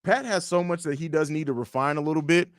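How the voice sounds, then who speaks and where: A young man hosting a casual livestream, reading viewer comments aloud and answering them in a blunt, profane, animated way. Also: on the high side, fast talker, dry recording, clean studio sound. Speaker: livestream host.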